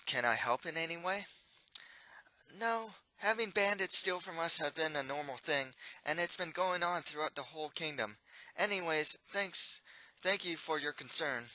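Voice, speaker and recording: A man's voice: on the high side, sharp tone, no room sound, pitched above the performer's own voice, poor audio. A man voicing a distressed woman baker in a raised, flustered voice in a storybook reading.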